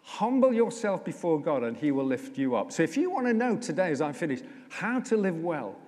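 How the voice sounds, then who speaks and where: Male vicar, sermon, lively rising and falling pitch, slightly high voice, conversational and humorous, echoey church. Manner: conversational, humorous, slows down for emphasis. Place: church, indoors.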